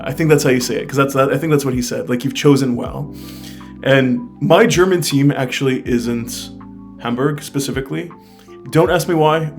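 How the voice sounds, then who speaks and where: Faint guitar music plays behind this American travel vlogger, whose voice sits at medium pitch. He talks to viewers in a chatty, enthusiastic travel review, sprinkling in "like" and "I mean" while recommending things straight to them.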